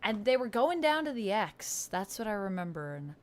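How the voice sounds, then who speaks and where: A woman's voice: mid-range voice, sing-song, normal speed. A Canadian woman player chatting through a tabletop game livestream, rambling through anecdotes and laughing often.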